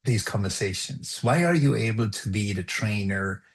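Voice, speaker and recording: Husky deep-voiced male podcast host. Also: animated, normal speed. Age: 50s. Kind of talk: interview questions.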